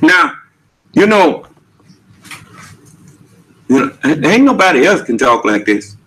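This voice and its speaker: Man, sermon, emphatic, rhetorical questions, high pitch, very animated. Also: slow pace, poor audio. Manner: emphatic, rhetorical questions, Southern US Black English. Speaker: preacher.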